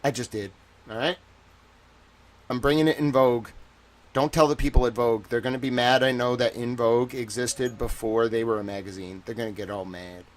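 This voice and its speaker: A man hosting a livestream in casual commentary, talking in a rambling, animated way full of "like.". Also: medium pitch, a little fast. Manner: rambling and animated, heavy use of "like". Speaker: livestream host.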